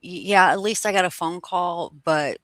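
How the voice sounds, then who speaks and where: A woman guest co-hosting a livestream, talking casually in a relaxed way with lots of fillers. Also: fairly low pitch, dry recording. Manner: relaxed, slow, with frequent fillers. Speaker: guest co-host.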